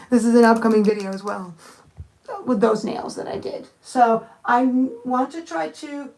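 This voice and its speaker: A woman's voice: on the high side, unhurried, gravelly, a little mellow, a little hiss or hum. A young woman thinking aloud in a rambling, casual live-stream chat, answering viewers with many restarts. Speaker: nail art streamer.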